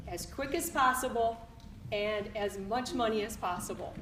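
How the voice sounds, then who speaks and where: A woman's voice: mid-range voice, moderate pace, fairly bright tone. A woman on the school staff giving firm, explanatory announcements to students. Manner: firm, explanatory, stresses deadlines. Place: large echoey school gym. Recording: echoey room, distant mic, background noise.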